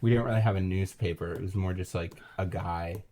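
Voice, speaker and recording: A man's voice: sits low, fairly even intonation, a little fast, mellow. Rambling, jokey man at a game table. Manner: rambling and jokey, full of "like" and restarts. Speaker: player. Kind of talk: in-character tabletop role-play.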